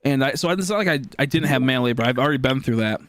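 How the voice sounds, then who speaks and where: A man's voice: medium pitch, rapid-fire. A young man chatting casually on a live stream, rambling and swearing as he talks through his life. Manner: rambling, restarts often, swears when worked up.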